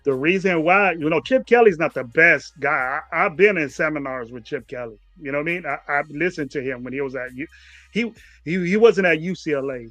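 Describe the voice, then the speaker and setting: A man's voice: fairly high pitch, expressive, fairly quick, bright, forceful tone, no room sound, soft background music. A man in casual sports talk, blunt and emphatic, repeating his points for effect. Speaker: podcast host.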